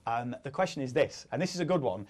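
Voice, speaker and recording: A man's voice: medium pitch, expressive, fast. Jokey, rambling male studio host. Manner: jokey, rambling, laughs at own lines. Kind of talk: casual studio chat.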